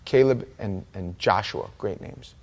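A pastor with a fairly low voice and measured pace preaches an informal Bible-study sermon in a church sanctuary, chatting and joking with his congregation.

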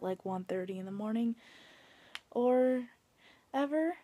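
A woman's voice: medium pitch, darkish tone, no echo. A young woman vlogging at home late at night, venting her frustration, swearing and often dropping into a whisper. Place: at home indoors.

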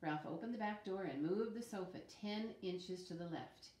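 A woman reading a children's picture book aloud in a calm, expressive way. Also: medium pitch, normal speed. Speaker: storyteller. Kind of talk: children's story read-aloud. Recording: roomy echo.

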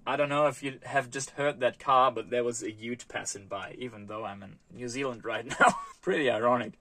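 A man's voice: mid-range voice, brisk. Chatty man vlogging by a road. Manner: chatty and self-deprecating, trailing off softly. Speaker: travel vlogger. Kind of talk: casual talk to camera. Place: outdoors by a road.

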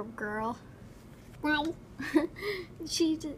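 A woman commenting on a game in a casual, chatty way. Her voice sits a little high and she takes her time, drawing words out. She is giggly and quick to throw in dramatic exclamations, with faint background noise behind her. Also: expressive. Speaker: gameplay commentator.

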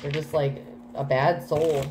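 A woman's voice: low voice, level tone, a little slow, background noise. A woman doing a casual tarot reading, chatty and full of fillers, with some casual swearing. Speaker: tarot reader.

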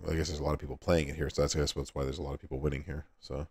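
A man's voice: very deep voice, flat delivery, very fast, husky. A man with a Southern US accent hosting a livestream, chatting casually with viewers and laughing often. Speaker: livestream host.

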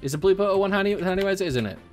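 A young man hosting a gaming video, chatting casually with friends, excitable, swearing and laughing often. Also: high voice, very fast. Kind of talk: casual gameplay chat with friends. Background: game music.

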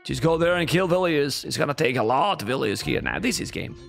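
A young man with a Spanish accent, speaking English as a second language, giving live esports commentary in an excitable way and reacting loudly to viewers. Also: fairly high pitch, quick pace, gravelly, faint music behind. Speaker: esports caster.

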